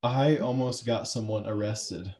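A man's voice: fairly low pitch, a little slow, dark tone. A man in his twenties hosting a podcast, telling a rambling story with a lot of laughter. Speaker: podcast host. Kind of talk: casual chat.

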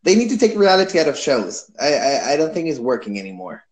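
A man's voice: fairly high pitch, big pitch swings, fast talker. A man from Chile chatting casually and laughing easily. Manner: easygoing, laughs often. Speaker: chat partner. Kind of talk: casual chat. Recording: echoey room.

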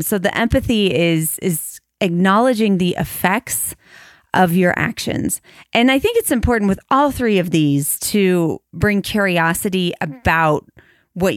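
A woman in her thirties co-hosting a faith podcast, talking in a thoughtful, measured way and slowing down to spell out examples. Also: fairly low pitch, dry recording, clean studio sound. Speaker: podcast co-host. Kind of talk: casual conversation about marriage and faith.

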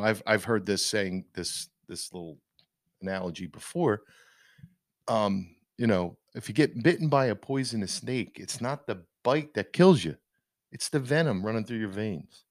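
A man holds forth on a casual podcast, emphatic and ranting, often restarting his sentences. His pitch rises and falls widely. The sound is dry and close. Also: lively intonation, normal speed, no room sound. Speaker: podcast co-host. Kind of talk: casual opinion chat.

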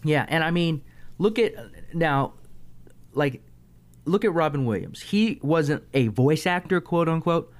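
A man hosting a casual chat, talking in an animated way and working through examples. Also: mid-range voice.

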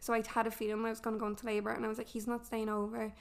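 Woman, 20s, brisk and slightly high, candid and sweary guest storyteller. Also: completely flat delivery, vocal fry. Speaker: podcast guest. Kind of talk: casual chat.

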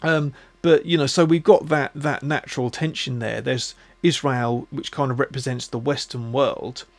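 A man hosting a podcast, talking in a musing, halting way with many restarts. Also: medium pitch, steady tone. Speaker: podcast host. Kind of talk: casual reflective monologue.

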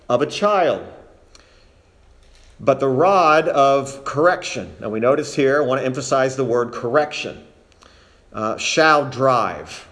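Middle-aged guy preaching, super slow and careful, hits each key word hard. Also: mid-range voice. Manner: slow, deliberate, stresses key words. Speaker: pastor. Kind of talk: sermon.

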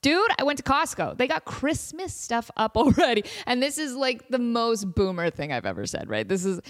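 A woman's voice: fairly high pitch, very animated, moderate pace. A young woman hosting her podcast who rambles on in a casual, playful way. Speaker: podcast host.

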